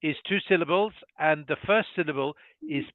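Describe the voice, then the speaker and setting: A British English teacher, a man, explaining pronunciation slowly and carefully over a video call. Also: on the high side, dry recording. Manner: slow, careful demonstration of each word. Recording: thin phone-like call audio.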